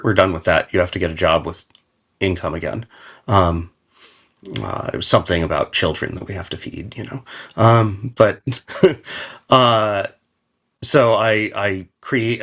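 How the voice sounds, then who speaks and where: An American man, a guest on an interview podcast, telling a story in a lively, casual way with many fillers, restarts and chuckles. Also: deep voice. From United States. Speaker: podcast guest, company founder.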